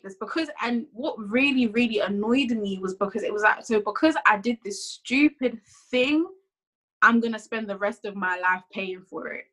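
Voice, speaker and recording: A woman's voice: mid-range voice, measured pace, sharp tone, poor audio. A young woman giving a candid, conversational faith testimony, often saying "like".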